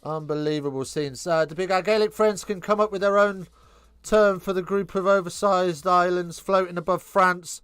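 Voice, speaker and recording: A high-voiced English man calls the match live and bounces between rude, cheeky jokes with viewers and excited play-by-play. His voice sounds close and dry, with no room around it. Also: normal speed, clear, resonant tone, dry recording. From England. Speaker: live stream commentator. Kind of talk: casual live match commentary, reading chat.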